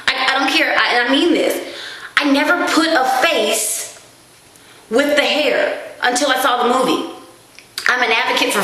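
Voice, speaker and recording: A woman vlogging at home, chatting to camera in an animated, self-mocking way. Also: high voice. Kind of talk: casual chat to camera. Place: small dim room at home. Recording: very echoey room.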